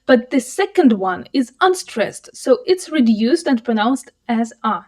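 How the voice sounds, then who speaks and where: A woman with a somewhat high voice walks a learner through pronunciation in a calm, clear, patient way. She slows right down for each model sentence, and she is recorded outdoors while walking through a city. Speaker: Russian language teacher. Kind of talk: pronunciation lesson with slow model readings.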